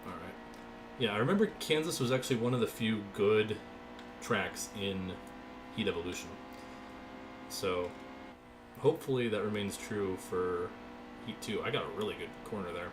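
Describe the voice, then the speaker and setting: A man's voice: lowish voice, normal speed, long pauses, noisy background. Man calling a racing game live. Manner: excited play-by-play calls, then loose chatty asides. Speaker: gaming streamer.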